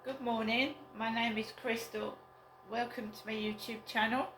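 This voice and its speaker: A woman rambling slowly and glumly in a casual solo vlog from her flat. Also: fairly high pitch, slight background noise. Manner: slow, rambling, downbeat musing. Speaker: vlogger. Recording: roomy flat with faint ambience.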